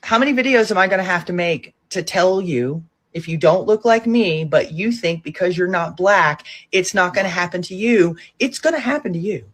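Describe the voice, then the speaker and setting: A woman's voice: on the low side, expressive, normal speed, hardly any pauses. A woman commentator in a video clip, speaking sternly in repeated warning phrases. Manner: stern, warning, rhythmic repetition.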